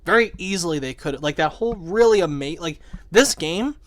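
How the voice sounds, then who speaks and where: A young man chatting excitedly about a video game, swearing and saying "like" a lot as the show's host. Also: a little high, normal speed. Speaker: podcast host. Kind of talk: casual game discussion.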